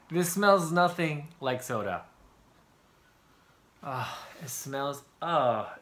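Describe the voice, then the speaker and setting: A man hosting a casual taste-test vlog, animated and exclaiming often as he talks to the camera. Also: mid-range voice. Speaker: vlog host. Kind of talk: casual chat, taste-testing.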